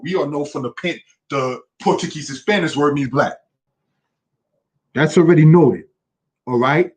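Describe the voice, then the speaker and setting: A man with a high-leaning, slightly breathy voice teaches a history lesson in an emphatic, preacher-like style. He checks in with his listeners often, repeating "you understand?" and "brothers and sisters."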